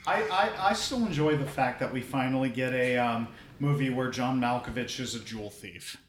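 A man co-hosting a casual movie podcast, arguing his points in a deadpan way. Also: medium pitch, normal speed. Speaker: podcast co-host. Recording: roomy sound with clear background noise.

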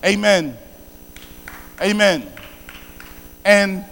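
A man with a South Philadelphia accent preaching a sermon with call-and-response, building to shouted, sing-song passages. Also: high voice, sing-song, slow pace, long pauses, big-room sound.

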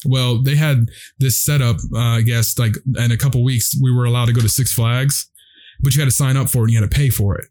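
A man's voice: mid-range voice, fairly even intonation, fast talker, darkish tone. Young man telling a rambling, profane story. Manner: rambling, profane, full of fillers and laughs. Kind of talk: casual storytelling among friends.

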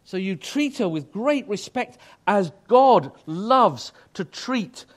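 A man's voice: high-pitched, expressive, slow pace. A middle-aged man preaching a sermon to married couples, earnest and emphatic, rising to fervent exhortation.

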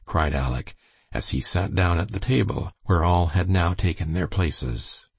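Low gravelly guy reading a novel aloud, husky, steady. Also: no room sound. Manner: steady storytelling. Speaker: audiobook narrator.

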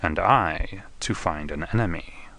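Man doing a cool precise detective, low voice, bright tone, dry sound. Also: a little slow, gravelly, dry recording, heavily acted. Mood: wry, confiding. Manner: quiet, precise, assured. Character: sharp, commanding male detective in disguise. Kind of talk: audiobook character reading.

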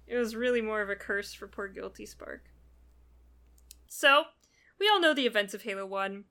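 A woman hosting a casual podcast, recapping a story in an animated, chatty way. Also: medium pitch, normal speed, smooth. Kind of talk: casual chat.

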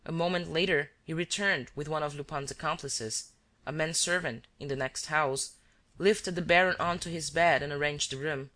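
A reader voicing a male detective who is cool and relentless, laying out accusations calmly and evenly. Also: mid-range voice, natural voice. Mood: grave. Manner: calm, measured accusations.

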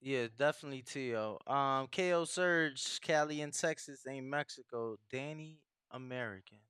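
A man co-hosting a boxing call-in podcast, chatting in a relaxed way. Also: medium pitch, normal speed, clear, resonant tone, no room sound, clean studio sound. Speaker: podcast co-host. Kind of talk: casual boxing call-in show chat.

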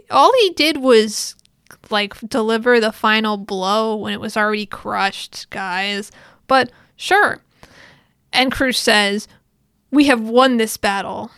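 A woman's voice: on the high side, pushed and bright, clean tone, no echo. A woman narrating a casual recap in a chatty way, with sarcastic asides and many fillers, close to the mic. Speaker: anime recap host.

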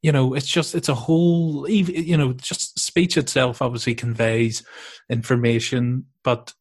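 A man chatting casually, jumping in eagerly and getting excited about the topic. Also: medium pitch, measured pace, husky. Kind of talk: casual chat.

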